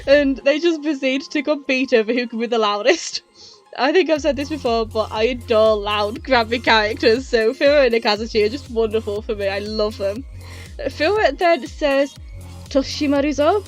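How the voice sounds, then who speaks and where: A woman's voice: a little high, a little fast, soft background music. Breathless, chatty woman reviewer. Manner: chatty and enthusiastic, laughs often. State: slightly out of breath. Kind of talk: casual retrospective review.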